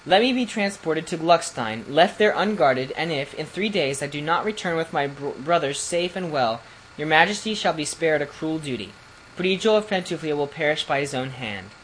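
A man voicing a proud, honourable young crown prince who speaks in a stately, formal way, a little above his own pitch. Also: animated, normal speed, a bit bright, slight background noise, poor audio.

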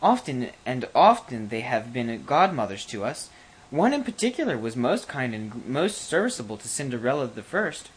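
A storyteller voicing a timid, polite fairy-tale king who speaks gently and tries to placate. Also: mid-range voice, sing-song, normal speed, husky, low-quality recording. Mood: mild, coaxing. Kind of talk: storybook reading.

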